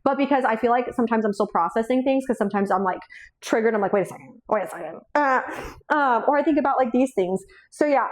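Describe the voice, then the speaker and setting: A young woman chatting casually about her books, rambling, swearing freely and laughing often, tearful and shaky. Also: on the high side. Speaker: book vlogger. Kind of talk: casual chat.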